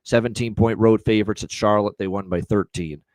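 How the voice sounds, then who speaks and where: A man co-hosting a casual sports betting show who talks in a rambling way with lots of filler phrases and gets loud and profane when he signs off. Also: on the low side, steady tone, a little fast, dry recording, poor audio. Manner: profane hype in sign-offs. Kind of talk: casual betting talk on a livestream.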